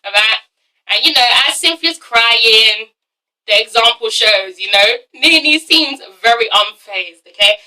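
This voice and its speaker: Sassy bright-voiced woman, swearing freely. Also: a little high, lively intonation, unhurried, recorded from a distance, low-quality recording. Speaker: reality TV reviewer. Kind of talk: casual opinionated commentary.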